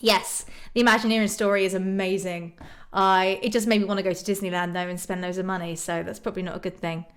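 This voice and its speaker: A woman's voice: medium pitch, little pitch movement, fast talker, fairly bright tone. A woman from Ireland chatting casually on a live stream, reading out viewer comments and answering them. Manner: bubbly, frequent ums and laughs.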